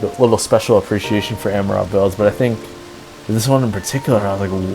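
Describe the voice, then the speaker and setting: A man's voice: fairly low pitch, fairly even intonation, fast talker, a little mellow, faint music behind, low-quality recording. A man streaming casually, rambling earnestly with lots of fillers about a build he admires. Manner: earnest, sentimental. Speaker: streamer touring a game housing build. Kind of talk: casual chat.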